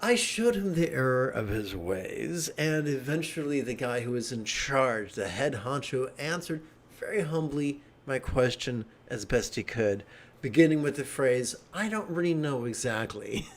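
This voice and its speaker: A man's voice: mid-range voice, lively intonation, a little slow. A middle-aged man giving a livestreamed meditation talk, a wry, joking storyteller. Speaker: meditation teacher.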